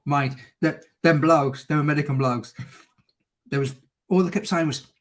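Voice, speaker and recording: A middle-aged man with an English accent chatting loudly over a video call, swearing and laughing as he tells stories. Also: on the high side, moderate pace. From England. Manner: loud, swearing, laughing storyteller. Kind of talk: casual chat.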